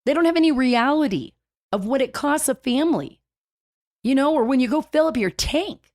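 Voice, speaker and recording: A woman hosting a casual talk show, chatty and animated, telling stories with big swings in her voice. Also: high voice, normal speed.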